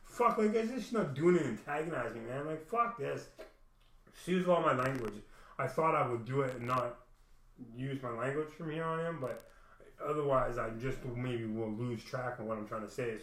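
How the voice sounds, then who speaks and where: A vlogger sits in a room at home and rambles emotionally through a personal story for his camera, cursing a lot and starting over often. His voice is medium-pitched and fairly bright, his speed normal, and the room sounds echoey.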